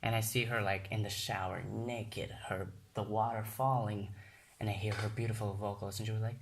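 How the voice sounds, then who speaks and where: A young man telling a casual, gushing story-time vlog, excitable and swearing freely. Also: fairly low pitch, moderate pace, background noise. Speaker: vlogger.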